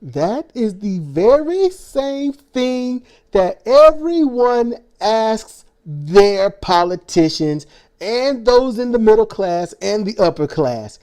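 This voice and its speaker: Male host, angry sarcastic rant, profane, mellow slightly high voice. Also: very animated, slow, clear, resonant tone. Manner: angry, profane, sarcastic ranting with stumbling restarts. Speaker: reaction video host. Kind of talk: ranting commentary.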